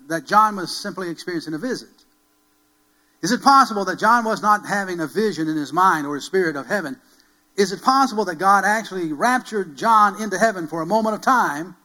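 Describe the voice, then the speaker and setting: Male pastor, high bright sermon voice, emphatic and repetitive. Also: animated, brisk, poor audio. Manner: emphatic, repeats key phrases, builds to loud calls; rhetorical questions to the congregation.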